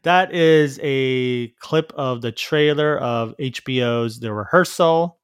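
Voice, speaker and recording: A man's voice: medium pitch, takes it slowly, smooth, no echo, studio quality. A man hosting a podcast, talking casually about films with many fillers, restarts and trailing-off asides. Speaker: podcast host. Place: live venue recording.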